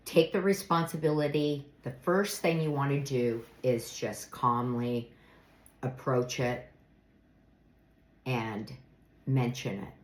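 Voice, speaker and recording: A middle-aged woman giving earnest, reflective life advice in an unhurried monologue, now and then acting out example phrases. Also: low-pitched. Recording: echoey room.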